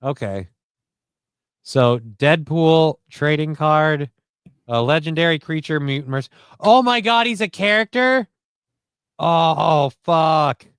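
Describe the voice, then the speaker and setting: A man's voice: a little high, animated, slow, a bit bright, clear, resonant tone, no echo. A man hosting a casual livestream, loose, profane and jokey, reading chat comments and card text aloud. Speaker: livestream host.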